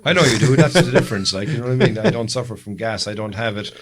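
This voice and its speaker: Low-voiced Irish man spinning long stories. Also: lively intonation, fast talker. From Ireland. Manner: long rambling storytelling with self-corrections. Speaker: podcast co-host. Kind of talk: casual chat.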